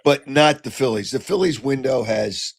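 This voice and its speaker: An older man hosting a call-in sports radio show, blunt and opinionated, clearing his throat as he gets over a cold. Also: medium pitch, normal speed. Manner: blunt, opinionated, flares into shouting. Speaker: sports talk radio host.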